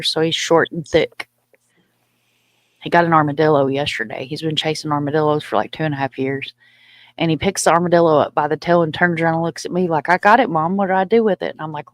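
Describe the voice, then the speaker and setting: A woman's voice: deep voice, dry recording. Woman, casual chatty host, laughs a lot, very dry close sound. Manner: chatty, laughs often, baby-talks her dogs. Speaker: livestream host. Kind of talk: casual chat.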